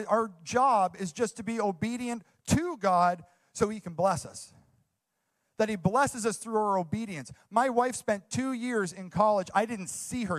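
Delivering a sermon, this young man, a youth pastor, sounds earnest and eager, using repetition of phrases for emphasis. His voice is high-pitched.

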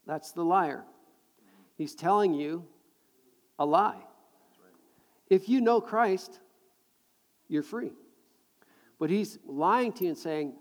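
A middle-aged man preaching a sermon to a live congregation, animated and jokey, repeating words as he builds a point. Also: high voice, slow pace, long pauses. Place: large hall with audience. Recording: long hall reverb.

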